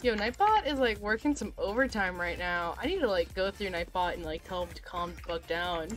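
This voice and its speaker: A young woman streaming live, chatting casually with her viewers in a gushing, excitable way and swearing freely. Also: fairly low pitch, brisk. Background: music playing.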